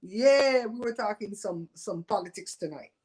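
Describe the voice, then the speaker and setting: A woman's voice: mid-range voice, expressive, normal speed, a little mellow, slight background noise, rough recording. Chatty Belizean-born woman hosting a livestream. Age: 50s. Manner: chatty, loose, teasing and opinionated. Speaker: livestream host. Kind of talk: casual live-stream chat with viewers. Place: home.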